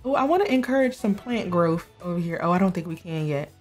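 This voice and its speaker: A woman's voice: lowish voice, expressive, fast talker, faint music behind. A young woman chatting through a life sim game, talking to her characters and laughing often. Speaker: gameplay streamer. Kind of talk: casual gameplay commentary.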